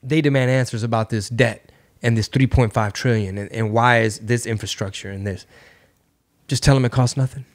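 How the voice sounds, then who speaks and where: A man hosting a casual podcast, talking loosely and profanely and riffing through bits with quick mock voices. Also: mid-range voice, fairly even intonation. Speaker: podcast host and comedian.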